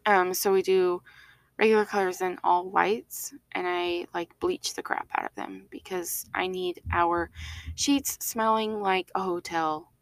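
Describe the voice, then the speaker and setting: Woman co-host, casual chatter, gravelly edge, dry close mic. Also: on the low side, steady tone, measured pace, no room sound. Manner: chatty, laughs often, many fillers. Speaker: podcast co-host. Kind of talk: casual chat.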